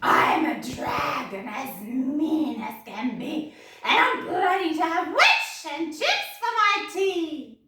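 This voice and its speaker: A woman's voice: high-pitched, very animated, recorded from a distance, voice pushed up, heavily acted. A mean, hungry storybook dragon, as a woman puts him on. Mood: menacing. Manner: slow, loud and menacing. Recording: echoey room, voice a bit off-mic.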